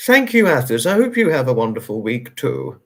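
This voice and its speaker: A man's voice: mid-range voice, very animated, brisk. A man hosting a livestream, answering viewer comments in a casual, rambling way. He sounds tired and talks earnestly, with many fillers, as he reassures his viewers. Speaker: livestream host.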